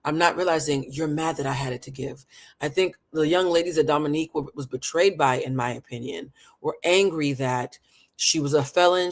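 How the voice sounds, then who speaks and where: A livestream host giving impassioned commentary on a talk show and calling listeners honey and baby. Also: medium pitch.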